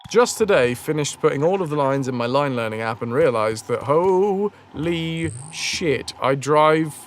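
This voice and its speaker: Lively, swearing man streaming a game. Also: on the high side, a little slow, slight background noise. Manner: chatty, crude, self-mocking, swears freely. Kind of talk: casual live gameplay commentary.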